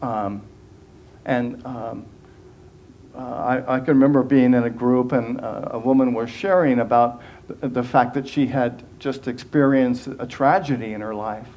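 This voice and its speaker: A man's voice: mid-range voice, steady tone, measured pace, highs cut off. A man giving a sermon as minister, earnest and conversational, often restarting phrases and acting out quoted voices.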